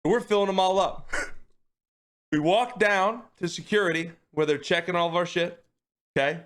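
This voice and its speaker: A man on a livestream tells his chat a long, funny story, casual and profane, laughing often and tacking "okay?" onto his sentences to check in. He's animated, with a high voice and a moderate pace.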